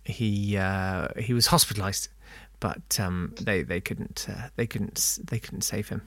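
A man's voice: fairly low pitch, steady tone, a little slow, fairly bright tone, no room sound. A man co-hosting a comedy podcast, telling history stories in a theatrical, giggly way. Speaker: podcast co-host. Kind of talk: comic history storytelling.

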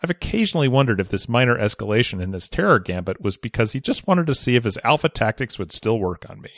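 Podcast host, male, reads a listener letter with lively swooping delivery, dry close sound. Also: mid-range voice, fast talker, dry recording. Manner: animated, expressive storytelling. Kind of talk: reading a listener letter aloud.

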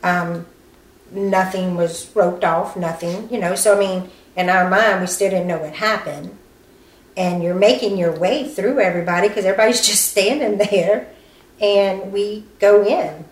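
A woman's voice: medium pitch, measured pace. A woman telling the story of a family loss in an interview, reenacting what was said. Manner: tells events plainly, reenacting dialogue. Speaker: family member of victim. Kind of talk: personal account in interview. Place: family's home on location. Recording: echoey room, faint noise.

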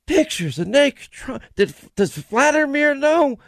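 A man doing a jokey Russian accent, bouncing between a high, squeaky register and a low one. It plays as a mocking bit, quickly and unevenly delivered. The sound is close and dry. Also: very animated, dry recording, full character voice. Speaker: host. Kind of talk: mocking reenactment.

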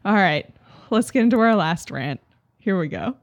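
A woman's voice: medium pitch, animated, moderate pace, no echo, clean studio sound. A woman co-hosting a podcast in casual chat, giggly and sympathetic. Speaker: podcast co-host.

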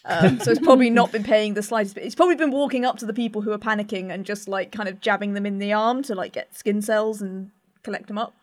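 A woman's voice: mid-range voice, quick pace. A woman chats casually as a player in a tabletop game. She explains her character offhandedly and breaks into small laughs. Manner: chatty, laughing asides.

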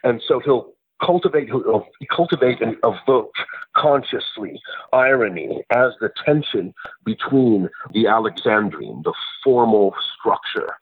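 A man as a poet and translator guest in a literary interview, explaining in a thoughtful way with pauses and restarts. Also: mid-range voice, animated, breathy edge, no room sound. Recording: tinny phone-line sound.

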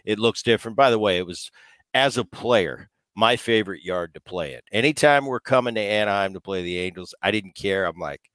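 A man, a former player, hosting a casual interview and asking questions in a relaxed, conversational way. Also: on the low side, a little fast, dry recording. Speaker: host, former baseball player.

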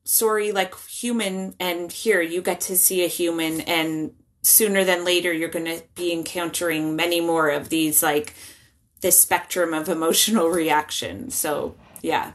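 A woman's voice: on the low side, fairly even intonation, a little slow. A woman in her thirties, a guest in a casual interview, talking chattily with many restarts. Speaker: guest speaking about parenting.

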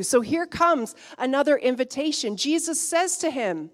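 A woman pastor preaching a sermon, swinging from hushed, intimate lines to emphatic, rising ones. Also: high voice, expressive, moderate pace, hardly any pauses.

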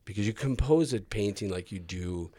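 A man's voice: lowish voice, moderate pace, warm tone, dry recording. A middle-aged man telling long rambling stories in casual chat, laughing often. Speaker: guest artist.

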